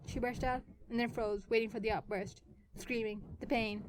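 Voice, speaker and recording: A woman reading her own fan fiction aloud, in an expressive way that swings between soft and loud. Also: a little high, normal speed, slight background noise. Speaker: fan fiction writer and narrator.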